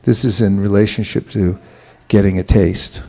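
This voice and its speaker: Gravelly, mellow-voiced man teaching. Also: lowish voice, moderate pace. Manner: relaxed, asks the audience questions, chuckles. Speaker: spiritual teacher giving a class. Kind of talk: conversational sermon.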